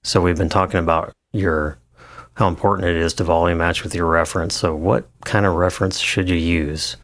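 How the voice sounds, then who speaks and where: A man with a low voice explains audio editing in a relaxed tutorial, with many fillers and restarts. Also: moderate pace, no room sound. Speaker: audio engineer teaching. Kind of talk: screen-recorded tutorial.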